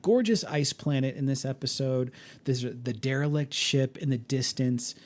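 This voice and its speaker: A man's voice: mid-range voice, moderate pace. A man co-hosting a podcast in casual chat, enthusiastic, laughing often and stumbling over fillers and restarts. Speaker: podcast co-host.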